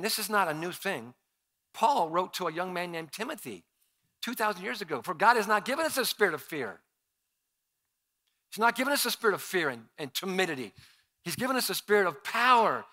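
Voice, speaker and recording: A male pastor preaching a sermon, telling personal stories and acting out his own past lines with animated shifts. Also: high-pitched. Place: church sanctuary.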